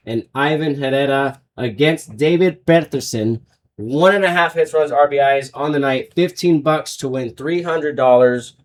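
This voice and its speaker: A man's voice: mid-range voice, a little slow, distant mic. A man hosting a sports betting show, running through his picks in a hyped, rambling, jokey way. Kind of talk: casual betting picks talk.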